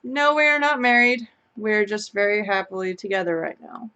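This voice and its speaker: A young adult woman co-hosting a live chat stream, telling a story in a casual, animated way and laughing as she goes. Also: medium pitch, normal speed, dull audio.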